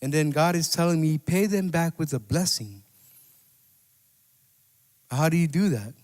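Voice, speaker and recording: A man's voice: fairly high pitch, unhurried, darkish tone. A man preaching a sermon as pastor, talking to the congregation in a conversational way and often asking "right?". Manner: conversational preaching with repeated "right?" and scripture quotes. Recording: long hall reverb.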